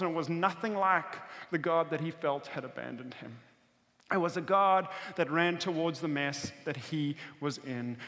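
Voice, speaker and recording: High, bright-voiced preacher in a reverberant hall. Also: male voice. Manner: storytelling, vivid, swings between intense and hushed. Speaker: pastor. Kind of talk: sermon. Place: church auditorium.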